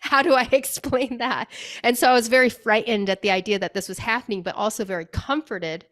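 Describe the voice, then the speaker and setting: A woman's voice: a little high, fairly even intonation, fairly quick, a bit bright. Chatty woman telling a personal story. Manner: chatty, leans on "like", acts out her own past words. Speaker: podcast guest, spirit medium. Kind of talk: personal storytelling in a casual interview.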